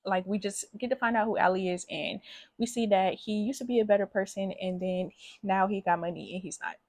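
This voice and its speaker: A woman's voice: mid-range voice, steady tone, a little fast, no room sound. A woman recapping a film in a casual, slangy, chatty way, hosting her own channel. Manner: slangy, chatty, acts out characters' lines. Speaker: movie reviewer.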